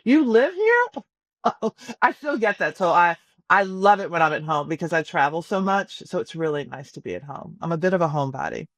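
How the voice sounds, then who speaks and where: Brief: woman, 60s, from Tennessee, chatty guest on a remote call, lively storyteller, dry sound. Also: sits low, fairly quick, no room sound. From Nashville, Tennessee. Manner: lively, chatty storyteller who laughs often. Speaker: chef guest. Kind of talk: casual interview chat. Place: her home.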